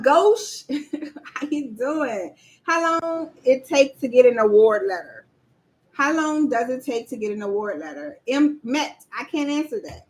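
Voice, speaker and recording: A woman hosting a casual livestream as a proposal coach, chatting straight to viewers and reading out their comments. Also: a little high.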